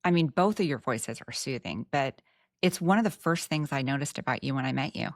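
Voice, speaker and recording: A woman's voice: extremely low pitch, animated, a little fast, no room sound, studio quality. A woman with a Texan accent hosting a podcast chat, earnest and reflective with frank asides. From Texas. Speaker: podcast host. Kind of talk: casual podcast conversation.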